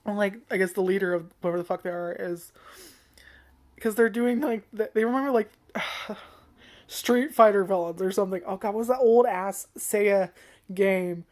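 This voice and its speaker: A woman's voice: medium pitch, normal speed, a little mellow. A young woman giving an unscripted, casual anime review, rambling and giggly and swearing freely.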